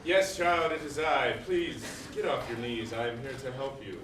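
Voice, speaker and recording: A man's voice: mid-range voice, moderate pace, close to an everyday voice. A man playing God in a student comedy sketch, solemn at first and then leering. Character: God, deep-voiced male deity turned sleazy. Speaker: sketch actor. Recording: echoey room, far mic, noisy.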